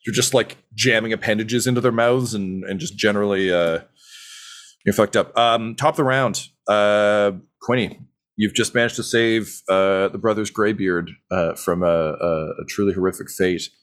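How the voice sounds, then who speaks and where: Young male game master, lowish voice, halting narration full of fillers. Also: steady tone. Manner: halting, many ums and uhs.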